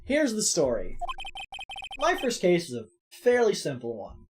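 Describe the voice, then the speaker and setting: A woman's voice: lowish voice, wildly swooping pitch, measured pace, slight background noise. A woman reading the lines of a nervous young male defense lawyer in a video game, mixing in joking asides. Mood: narrating. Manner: reading narration aloud, jokey asides.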